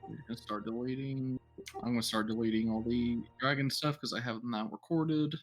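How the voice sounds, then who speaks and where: A man's voice: medium pitch, steady tone, a little fast, soft background music. A man running a tabletop game as game master, talking casually and swearing now and then.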